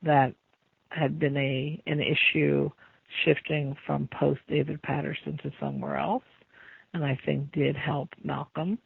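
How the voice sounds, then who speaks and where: A man's voice: a little high, little pitch movement, measured pace, gravelly, slightly rough, no room sound. A man in an interview laying out his points one by one, heard over a tinny line. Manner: methodical, lists points in order. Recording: dry, tinny phone-like line.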